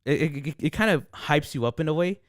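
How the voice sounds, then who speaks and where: A man's voice: fairly high pitch, fairly quick, dry recording, studio quality. A man co-hosting a podcast in casual chat, joking and swearing as he talks. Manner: joking, swears, lively asides. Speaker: podcast co-host.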